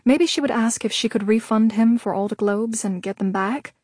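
A woman reading an audiobook in steady, measured scripted narration on a close mic. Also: on the high side, breathy edge, dry recording.

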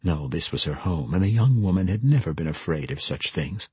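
A man reads a fantasy story aloud in a steady, measured voice. His tone is low and strongly husky. The recording is dry and close, with no room sound. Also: dry recording. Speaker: narrator. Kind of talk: audiobook narration.

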